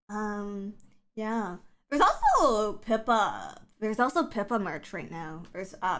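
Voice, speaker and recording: A woman chatting on a livestream, her voice scratchy and a little rough from the early hour. She rambles casually, stringing thoughts together with plenty of fillers. Her voice sits somewhat high for a woman. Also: fairly bright tone. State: scratchy morning voice. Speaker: streamer.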